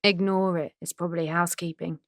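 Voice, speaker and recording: A woman's voice: on the low side, little pitch movement, brisk, no echo, studio quality, natural voice. A woman narrator voicing an easygoing, offhand husband. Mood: casual.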